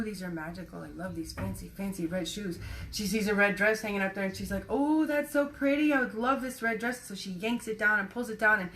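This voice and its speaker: Bright, candid woman musing aloud. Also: on the high side. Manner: rambling, self-reflective, casually profane. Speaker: personal vlogger. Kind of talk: candid personal monologue.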